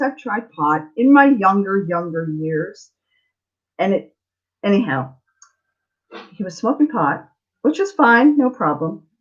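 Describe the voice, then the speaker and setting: A middle-aged woman, a psychic tarot reader telling a story in a blunt, chatty, digressive way on a live Q&A stream. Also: mid-range voice. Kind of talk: casual storytelling on a livestream. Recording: slightly dull lo-fi audio.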